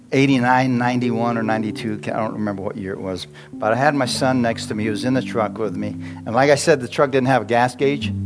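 A male pastor telling a personal story in a sermon, chatty, laughing often and asking the congregation questions. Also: medium pitch.

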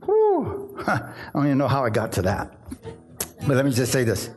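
A man's voice: medium pitch, normal speed. A middle-aged male pastor preaching a sermon, telling stories with acted-out voices and often asking the crowd for an amen. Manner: lively storytelling, acts out voices, asks "amen?".

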